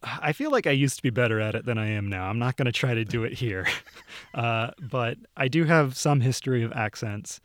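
A relaxed young man tells stories on a podcast, his voice mid-pitched and unhurried, dotted with "uh"s and small laughs. The sound is close and dry, with no room around it. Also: dry recording. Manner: laid-back storytelling with frequent fillers and laughs. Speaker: video producer. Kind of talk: casual podcast chat. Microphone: studio microphone.

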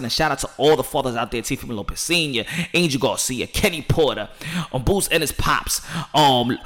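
A man hosting a boxing channel, talking excitably and loudly with lots of slang and repetition before an interview. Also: on the high side. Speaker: boxing show host. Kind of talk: hyped-up channel talk and interview.

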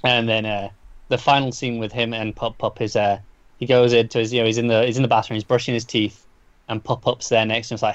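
A man of middle pitch talks through a story in a loose, rambling way, restarting and repeating words as he goes. The sound is dull and slightly lo-fi, with a dry, close feel. It is casual podcast chat. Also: little pitch movement, quick pace, dry recording. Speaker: comic book podcast co-host.

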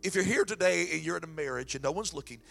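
A man's voice: a little high, quick pace, creaky, faint music behind. A man preaching a sermon in a folksy way and then praying aloud. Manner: folksy preaching, shifts into loud prayer. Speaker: pastor.

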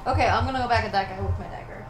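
A woman playing a tabletop game, calmly stating her attacks and working out her rolls. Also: medium pitch, rapid-fire. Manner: matter-of-fact, counting out rolls. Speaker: player. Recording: distant, roomy, background music.

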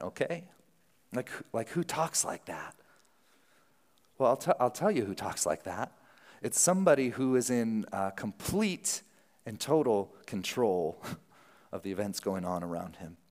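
Guy preaching casually in church, lively, keeps restarting sentences. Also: mid-range voice, measured pace, in a large hall. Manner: conversational, animated, self-interrupting. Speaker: pastor. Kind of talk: sermon. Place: church sanctuary.

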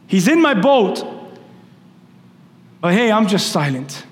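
Fiery high-voiced preacher in a hall. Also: male voice, big pitch swings, slow. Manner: impassioned, swings from shouting to hushed. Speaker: pastor. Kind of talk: sermon.

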